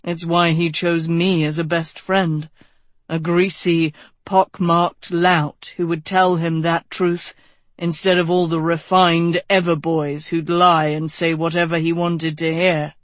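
An audiobook narrator voicing a calm, blunt, world-weary knight who talks dryly and frankly, a bit lower than the narration. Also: no echo, close to an everyday voice. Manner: dry, unhurried, frank.

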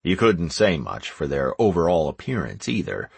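Male audiobook narrator, wry first-person storytelling, husky low voice, dry close sound. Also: big pitch swings, moderate pace, dry recording.

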